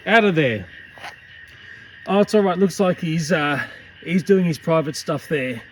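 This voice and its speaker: A man talks casually in a fond, running commentary, his voice sitting a touch higher than most men's. He is recording with a handheld camera in a backyard at night, and faint frogs and crickets can be heard behind him. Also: normal speed, slight background noise, low-quality recording. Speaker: pet owner filming his cats. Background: faint night ambience with frogs and crickets.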